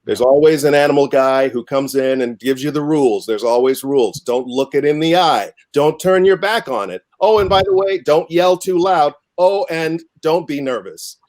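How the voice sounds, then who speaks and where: A man's voice: fairly high pitch, moderate pace, few pauses, darkish tone. A man co-hosting a comedy talk show, riffing in a wry, joking way.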